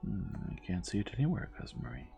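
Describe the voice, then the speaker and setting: A man's voice: sits low, wildly swooping pitch, fast, gravelly, warm tone, husky, highs cut off, soft background music, pitched above the performer's own voice, exaggerated voice. A man doing a meek, earnest young woman. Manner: sincere, mild.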